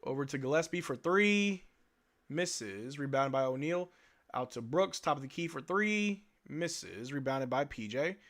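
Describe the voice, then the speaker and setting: A man's voice: on the high side, expressive, unhurried, a bit bright. A male live-stream host giving casual fan play-by-play commentary in a blunt, exasperated, slangy way.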